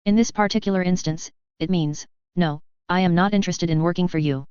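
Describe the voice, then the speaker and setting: Cheerful blunt alien busker, woman narrator voicing her, low smooth tone, dry close sound. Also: fairly quick, a little mellow, no room sound, lo-fi sound, close to an everyday voice. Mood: cheerfully blunt. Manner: polite but bluntly refusing.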